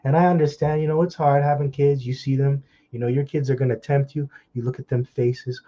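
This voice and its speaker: Blunt man preaching, husky and dull. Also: mid-range voice, flat delivery, warm tone. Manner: blunt, scolding, mocking asides; slow, drawn-out scripture reading. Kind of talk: informal scripture commentary.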